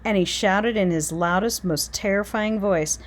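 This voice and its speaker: A woman reading a children's chapter book aloud, expressive and dramatic. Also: medium pitch, a little slow. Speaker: reader. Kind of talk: storybook read-aloud.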